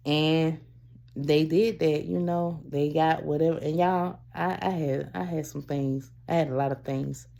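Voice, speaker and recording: A woman vlogger telling a personal story to camera in a rambling, halting way, often calling her viewers y'all and breaking off to restart. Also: low voice, fairly even intonation, gravelly, dark tone. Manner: restarts and trails off.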